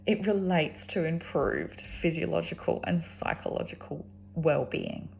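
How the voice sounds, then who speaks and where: An Australian vlogger chats and rambles casually, her low, darkish, creaky voice animated yet unhurried. She says um a lot and keeps restarting her sentences.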